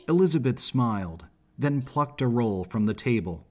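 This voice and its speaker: A man narrating an audiobook story in a measured, even delivery. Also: medium pitch.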